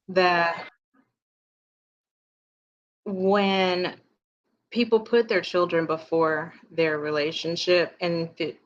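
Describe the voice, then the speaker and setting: Female podcast co-host, unhurried, lowish voice, muffled sound. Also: slight background noise. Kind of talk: casual chat. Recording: muffled lo-fi audio.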